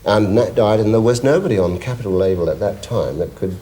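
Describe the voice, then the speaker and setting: A man's voice: lowish voice, a little fast. A middle-aged man, a guest singer telling anecdotes on a chat show, often laughing. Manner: lively storyteller, laughing often.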